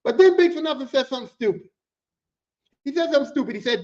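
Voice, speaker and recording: A man hosting a podcast, telling a work story in a loose, profane, animated way. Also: extremely high pitch, fast talker. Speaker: podcast host and work-site boss. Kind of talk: casual storytelling. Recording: dull lo-fi audio.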